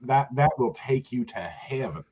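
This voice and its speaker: A man's voice: mid-range voice, expressive, moderate pace, a little mellow, slightly rough, highs cut off. A man hosting a casual chat, joking and blunt, who swears freely. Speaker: podcast host.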